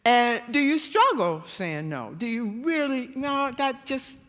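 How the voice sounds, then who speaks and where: A woman giving a church seminar talk, telling stories animatedly and jumping to a high voice when she acts out quotes. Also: sing-song, a little slow, a bit bright, in a large hall. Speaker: guest speaker. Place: church hall.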